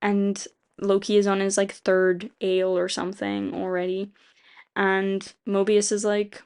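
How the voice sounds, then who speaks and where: A woman with a gravelly, low-fry voice walks through a story plot in a loose, rambling way. She leans on fillers and slips into quoting characters. She swears casually and does not hold back her opinions. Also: little pitch movement, measured pace, darkish tone. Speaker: video essayist.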